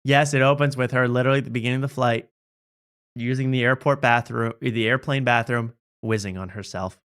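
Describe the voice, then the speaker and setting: Dude hosting a comedy show, riffing and joking around, mid-pitch voice. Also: male voice, fairly even intonation, fairly quick, a bit bright, clear, resonant tone. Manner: joking, mock voices, laughs often. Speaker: comedy podcast host. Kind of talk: casual riffing commentary.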